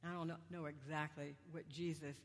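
A woman's voice: low voice, little pitch movement, moderate pace. A woman preacher giving a sermon in a conversational, self-deprecating way, with wandering humorous asides. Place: church sanctuary. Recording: long church reverb.

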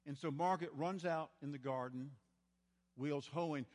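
Older preacher guy, high voice, slow and folksy, big church echo. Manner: storytelling, folksy, dramatic swings in loudness. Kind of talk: sermon. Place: large church. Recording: church hall with long reverb.

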